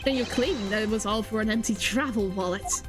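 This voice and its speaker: A woman voicing a composed male prosecutor, speaking in a calm, measured and formal way. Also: mid-range voice, over music, close to an everyday voice. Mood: cool.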